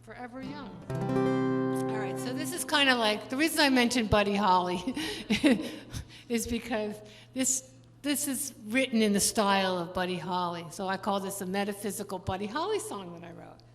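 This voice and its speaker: An older woman musician chatting with her audience between songs at a concert, rambling through anecdotes with quick laughs. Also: mid-range voice, soft background music. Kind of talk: stage banter between songs. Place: large church venue. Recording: live concert hall with long reverb and instrument.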